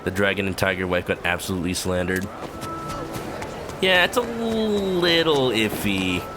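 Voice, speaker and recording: A man's voice: lowish voice, animated, unhurried, over music. A male streamer giving casual, rambling, joking commentary over gameplay.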